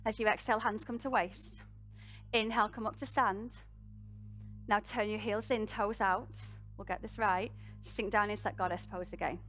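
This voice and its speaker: A woman's voice: medium pitch, fairly even intonation, normal speed, fairly bright tone, soft background music. A woman with a British accent teaching a live yoga class, guiding poses and breath with rousing encouragement and a self-mocking laugh. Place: live event venue, music playing.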